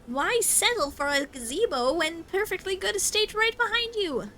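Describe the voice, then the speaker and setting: A woman's voice: very high-pitched, lively intonation, moderate pace, pushed and bright, slight background noise, pitched above the performer's own voice, full character voice. A woman voicing a small, cheerful goblin leader in a game who talks in clipped, broken grammar. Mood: chirpy.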